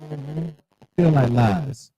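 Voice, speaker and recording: A man's voice: on the high side, drawn-out words, mellow, a little hiss or hum, low-quality recording. A man, the host's nephew, bantering with dry joking pushback on a cooking show. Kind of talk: casual banter.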